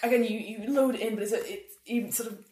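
A woman's voice: on the high side, steady tone, fast, crowd noise. A woman narrating as game master in a tabletop game, playful and often laughing as she acts out voices. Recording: echoey room, faint noise.

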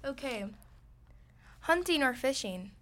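A teenage girl with a fairly high voice chats on a radio show in a studio. She gives blunt, playful opinions, and a faint noise sits behind her. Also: big pitch swings, slow pace, fairly bright tone. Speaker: co-host. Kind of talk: casual radio chat.

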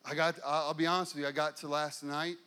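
A middle-aged male pastor delivering a sermon, building intensity through repeated phrases and slowing down for emphasis. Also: a little high, flat delivery, sharp tone, clean tone. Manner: preaching with rising and falling intensity, repetitive emphasis.

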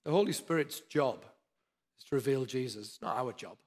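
A man's voice: mid-range voice, normal speed, darkish tone. A man preaching a sermon, with earnest, repeated exhortations. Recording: long hall reverb.

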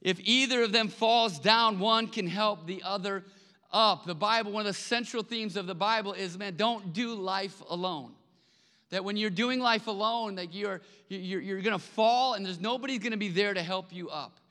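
A man's voice: high voice, normal speed, sharp tone. A man preaching a sermon as pastor, speaking in a conversational way and often repeating words when he stresses a point. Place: large church hall. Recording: long hall reverb.

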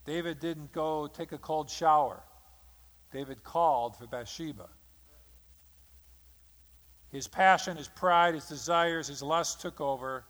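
A man's voice: on the high side, a little slow, long pauses, fairly bright tone. A man preaching a sermon, telling a story dramatically and acting out the quotes of the people in it. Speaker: pastor. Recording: long hall reverb.

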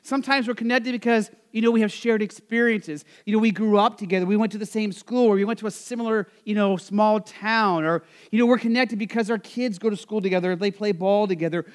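A pastor from Nebraska delivers a relaxed, conversational sermon. He has a notably high voice for a man, leans on fillers and keeps asking the congregation questions as he talks. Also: fairly quick, hardly any pauses. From Nebraska, USA. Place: church service.

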